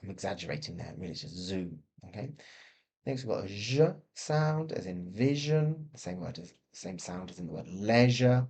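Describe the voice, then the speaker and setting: A man with a British accent teaching English pronunciation, modelling each sound slowly and with exaggerated mouth shapes. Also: lowish voice, expressive, creaky, a little mellow, slightly rough. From Britain. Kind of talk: pronunciation lesson.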